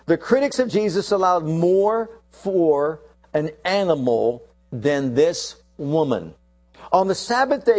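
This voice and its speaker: A man preaching a sermon, acting out the quoted lines of the story. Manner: animated, acts out quotes with shifting pitch.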